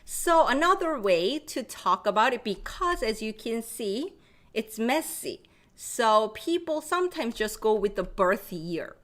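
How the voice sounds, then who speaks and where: A woman in her thirties teaching Korean on a live stream, reading out viewers' comments and laughing often, slowing down to explain phrases. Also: fairly high pitch, sing-song, fairly bright tone. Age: 30s. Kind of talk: live-stream language lesson.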